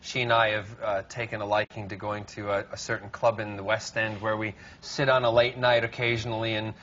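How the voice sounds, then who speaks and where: A man's voice: on the low side, flat delivery, a bit bright. A man from Scotland speaking with a mixed Scottish and American accent, a flirty, joking guest on a chat show. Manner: flirty, joking, quick to laugh. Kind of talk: casual chat show interview. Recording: dull lo-fi TV audio with faint noise.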